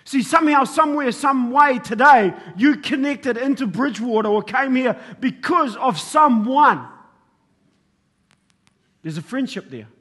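An Australian man, a middle-aged pastor, preaching a sermon in a rambling storytelling way that rises to emphatic, shouted points. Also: very high voice, expressive, unhurried, husky, in a large hall.

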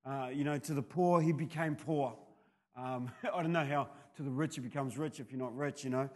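A male pastor with a New Zealand accent preaching a sermon, telling rambling anecdotes that build to loud, emphatic peaks. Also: mid-range voice, a little fast.

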